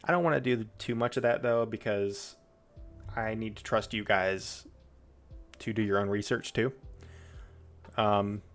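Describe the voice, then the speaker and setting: A man's voice: lowish voice, measured pace, long pauses, faint music behind. A man streaming, reading Bible passages aloud and breaking off into chatty, loose asides. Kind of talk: casual Bible reading with commentary.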